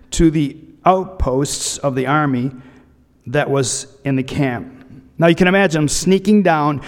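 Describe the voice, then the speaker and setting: A man's voice: on the high side, darkish tone, big-room sound. A man preaching a sermon, retelling a scripture story with humorous asides. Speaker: pastor.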